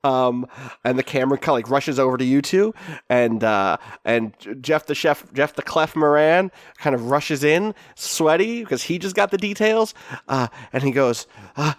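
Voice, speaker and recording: Rambling game master with a runny nose. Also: male voice, medium pitch, moderate pace, no room sound, studio quality. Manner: rambling, laughing, many fillers. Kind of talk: narrating a tabletop game.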